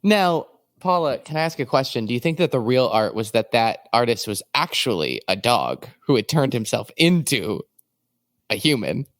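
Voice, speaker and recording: A man's voice: mid-range voice, sing-song, normal speed, dry recording, clean studio sound. A man co-hosting a podcast in casual comedic chat, playful and goofy, playing along with bits. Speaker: podcast co-host.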